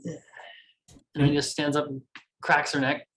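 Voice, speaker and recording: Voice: medium pitch, little pitch movement, a little slow, a bit bright, rough recording. A player in a tabletop game, casually describing the character's moves with relish.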